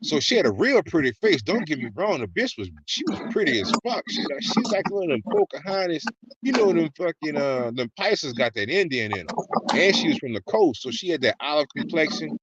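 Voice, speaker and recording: A man hosting a podcast, telling stories in casual, heavily profane, animated chat. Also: fairly high pitch, fairly quick. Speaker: podcast host. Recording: muffled with clear background noise.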